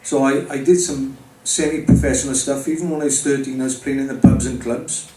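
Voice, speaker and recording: A man's voice: mid-range voice, steady tone, brisk, dark tone. Man giving a testimony in a roomy venue. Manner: conversational, speaks directly to the audience. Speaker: speaker giving his testimony. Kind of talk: personal faith testimony to a live audience. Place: pub or club venue with an audience. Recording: roomy, distant mic with faint background noise.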